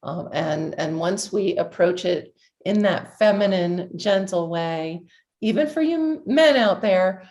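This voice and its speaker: A woman's voice: on the low side, expressive, takes it slowly, a little mellow. A woman hosting a podcast interview, affirming her guest and leading into questions. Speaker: podcast host.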